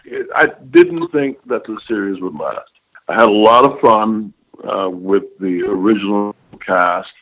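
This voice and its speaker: A man's voice: lowish voice, a little slow, a bit bright. Older man on a lo-fi phone line. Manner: rambling, emphatic storyteller who checks in with the listener. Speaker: voice actor guest. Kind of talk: reminiscing interview talk. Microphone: phone call.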